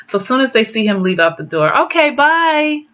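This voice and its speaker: A middle-aged woman tells her own stories in a lively, animated way, jumping up in pitch whenever she acts out what people said. Her voice is bright and forceful. The recording sounds a bit dull and lo-fi. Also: fast talker. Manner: animated, acts out quoted dialogue with pitch jumps. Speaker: guest sharing personal stories. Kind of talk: casual storytelling.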